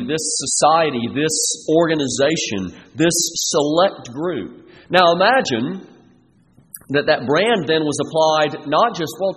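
A man preaching an expository sermon, emphatic and measured, often restarting his phrases. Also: a little high. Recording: long reverb with faint noise.

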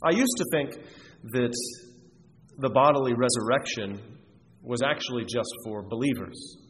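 A man's voice: medium pitch, a little slow, a bit bright. Earnest man preaching in a reverberant hall. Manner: earnest, emphatic, with frequent restarts. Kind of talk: sermon. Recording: reverberant hall, faint noise.

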